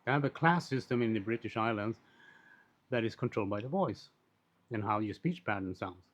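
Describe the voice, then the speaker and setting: A man talking in a casual, rambling monologue, blunt and quick to swear, with frequent restarts and asides. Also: on the low side, animated. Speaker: commentator on social issues. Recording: dull lo-fi recording.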